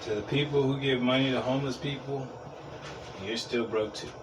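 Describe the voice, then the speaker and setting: A man's voice: medium pitch, steady tone, moderate pace. A man hosting a podcast, telling rambling stories in a blunt, profane, casual way. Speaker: podcast host. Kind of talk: casual solo podcast rant. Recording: distant mic with clear background noise.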